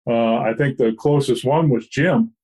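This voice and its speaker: A male podcast host with a mid-pitched, mellow voice. He asks his questions in a measured way, often pausing on fillers. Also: low-quality recording. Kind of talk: interview.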